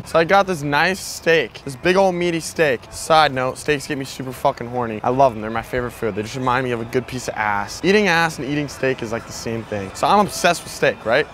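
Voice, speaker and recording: A young man hosting a vlog in casual chat, loud and crude, laughing often. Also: mid-range voice, expressive, brisk. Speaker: vlogger host. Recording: noisy outdoor street sound.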